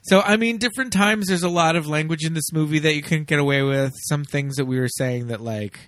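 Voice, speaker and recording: A man's voice: a little high, fairly quick, fairly bright tone, no echo. A man co-hosting a podcast in casual chat, hedging with fillers and laughing easily. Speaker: podcast co-host.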